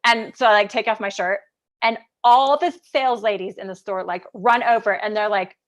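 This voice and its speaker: A woman in her thirties from Kansas, chatting animatedly on a livestream, full of "like" and quick asides as she tells a personal story. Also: mid-range voice. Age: 30s. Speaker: business coach.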